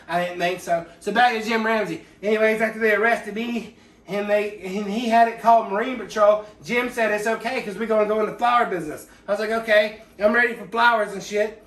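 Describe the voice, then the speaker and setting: A man telling a rambling, profane comedic story in a deadpan way, full of tangents. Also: high voice, a little fast. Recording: echoey room, distant from mic.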